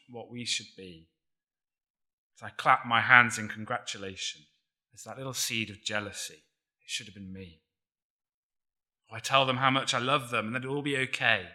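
Male preacher, sermon delivery, bright crisp tone, deliberate with quiet emphatic drops. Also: medium pitch. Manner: measured, emphatic, drops to a near-murmur on key words.

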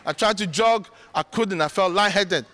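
A middle-aged man preaches a sermon earnestly and conversationally, breaking into emphatic bursts. His voice is high-pitched and a bit bright, at a moderate pace. The recording carries the long reverb of a large hall.

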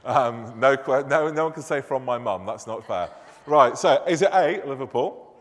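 A man's voice: medium pitch, lively intonation, normal speed, a bit bright. Jokey Mancunian man in a reverberant church. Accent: Northern English, Mancunian. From Manchester, England. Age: 30s. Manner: jokey, self-deprecating, chatty with the congregation. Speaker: church minister. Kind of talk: playful quiz at a church service. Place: church hall or nave.

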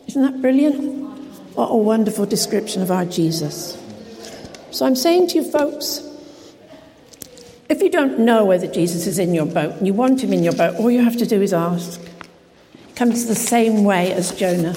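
A woman's voice: mid-range voice, normal speed, dark tone, long reverb tail. A woman preaching a sermon earnestly and emphatically, putting direct questions to her congregation.

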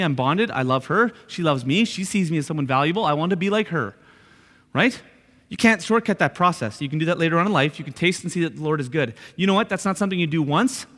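A man's voice: high-pitched, a bit bright. A man preaching a sermon as pastor, talking conversationally and repeating his points with frequent "right?" asides. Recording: long hall reverb.

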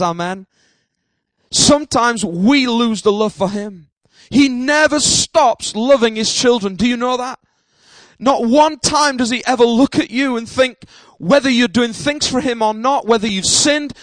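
A man preaching a sermon at a church service, emphatic, with repeated amens and bursts of shouting. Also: very high-pitched, no echo. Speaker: pastor.

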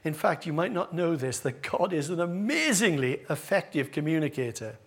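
A man's voice: a little high, big pitch swings, normal speed, slightly rough. A male pastor preaching a sermon to his congregation, with a humorous, self-deprecating manner. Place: church with congregation. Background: congregation laughing.

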